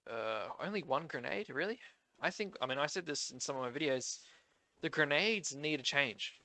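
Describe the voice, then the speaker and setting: Nasal Australian man, bright voice. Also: on the high side, animated, normal speed, dry recording. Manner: chatty, rambling, thinks aloud. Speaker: gaming YouTuber. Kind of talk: casual commentary on update notes.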